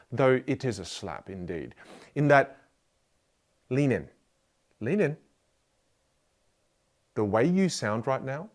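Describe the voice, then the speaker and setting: A man's voice: mid-range voice, darkish tone. A man teaching a motivational communication lesson, speaking playfully and directly to the listener. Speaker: communication coach.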